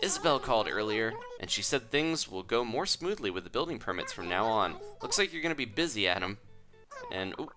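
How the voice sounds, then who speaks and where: A man's voice: fairly low pitch, sing-song, brisk, over music. A man voicing a cheerful, encouraging young female shop assistant in a game. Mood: welcoming. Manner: upbeat, encouraging.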